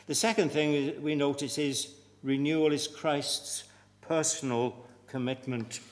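Emphatic male preacher in a reverberant church. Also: on the high side. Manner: deliberate and emphatic, with measured pauses. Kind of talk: sermon. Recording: long reverb of a church hall.

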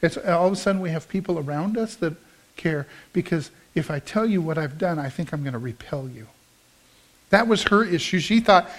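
Male pastor, middle-aged, high voice, conversational storytelling sermon. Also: lively intonation, fairly quick. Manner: storytelling, conversational with emphatic rises.

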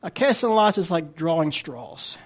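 A man's voice: a little high, very animated, normal speed. A man preaching a sermon as a guest speaker, talking in a conversational way with frequent restarts.

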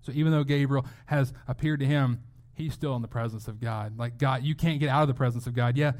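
A man's voice: mid-range voice, brisk. A middle-aged man preaching a sermon in a casual, conversational way, acting out quotes from the people in his story. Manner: conversational, animated, acts out quotes. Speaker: pastor.

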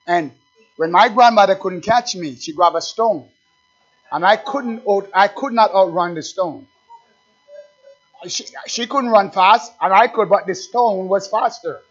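A man preaching a sermon without notes, swinging between loud emphatic lines and quiet asides. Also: sits high. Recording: dull lo-fi recording.

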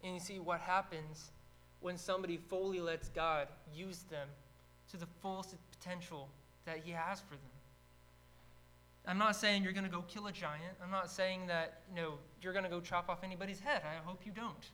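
A man teaching a casual Bible study, retelling stories with energy and acting out shouted lines. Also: sits high, fairly even intonation, moderate pace, a little hiss or hum, low-quality recording.

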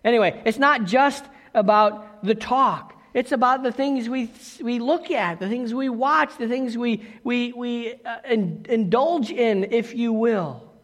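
High-voiced preacher man in a reverberant hall. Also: measured pace, a bit bright. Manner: conversational preaching with asides and rhetorical questions. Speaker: pastor. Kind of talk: sermon.

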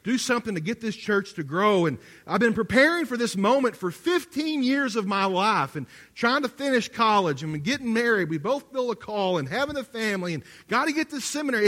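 High-voiced pastor in a reverberant hall. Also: male voice, big pitch swings, normal speed, bright, forceful tone. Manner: conversational storytelling with frequent restarts and asides to the congregation. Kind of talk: sermon.

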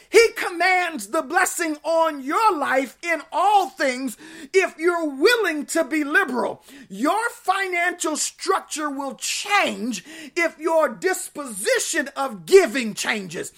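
A woman with a high-pitched voice delivers a sermon. She is emphatic and exclamatory, and she repeats scripture phrases over and over to drive each point home. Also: sharp tone. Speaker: preacher.

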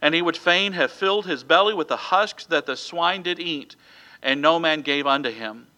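A man's voice: a little high, normal speed, bright, forceful tone, rough recording. A man preaching a sermon who reads scripture in old King James wording and asks the congregation "Amen?" between points.

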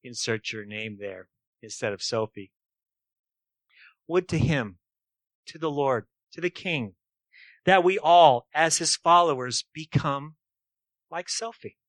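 A man's voice: on the high side, animated, slow, long pauses, fairly bright tone, dry recording. A man preaching a sermon emphatically, often posing rhetorical questions to his listeners.

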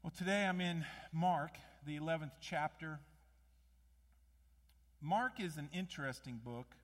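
A man preaching a sermon, animated, with many rhetorical questions, rising to loud emphasis and dropping low again. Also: a little slow. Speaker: pastor. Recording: long hall reverb.

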